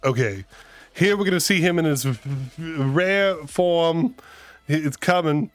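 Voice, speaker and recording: A man's voice: fairly high pitch, unhurried, no room sound. A man hosting his live stream, telling rambling, self-mocking stories in a playful, casual way. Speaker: streamer host. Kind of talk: casual storytelling chat.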